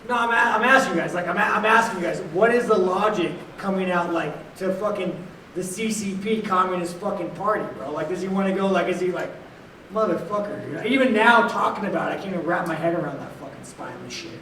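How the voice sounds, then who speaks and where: A man's voice: sits high, fast, a bit bright. A man answering questions at a post-fight press conference, blunt and profane, rambling from one thought to the next. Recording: echoey room, heard from a distance, faint noise.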